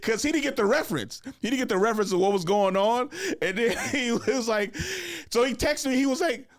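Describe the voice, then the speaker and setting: A man's voice: extremely high pitch, brisk. A young man hosting a casual podcast, loose and joking, swearing freely as he tells stories. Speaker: podcast host.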